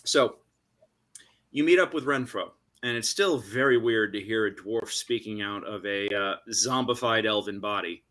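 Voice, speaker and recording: A man's voice: on the low side, pushed and bright. A man running a tabletop game as game master, narrating and chatting with players, often restarting his sentences. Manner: halting, many restarts.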